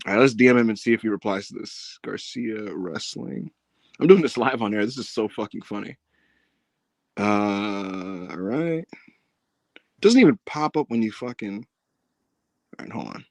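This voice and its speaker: A man's voice: lowish voice, moderate pace, creaky, long pauses, dry recording. A man co-hosting a wrestling review podcast in loose, slangy banter, laughing often. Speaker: podcast co-host. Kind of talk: casual wrestling review chat.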